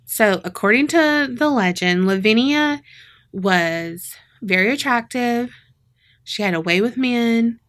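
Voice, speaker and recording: A woman's voice: fairly high pitch, takes it slowly, fairly bright tone. A woman co-hosting a podcast, telling a crime story in casual chat, laughing often and acting out what people said. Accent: Southern American. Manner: laughs often, acts out quotes in voices. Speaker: podcast co-host.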